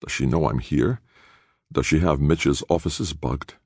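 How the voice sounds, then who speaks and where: A man's voice: very deep voice, unhurried, darkish tone, slightly rough, no room sound, studio quality, full character voice. A man voicing a worried man on the run who speaks in an anxious, pleading way. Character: worried male political exile on the run.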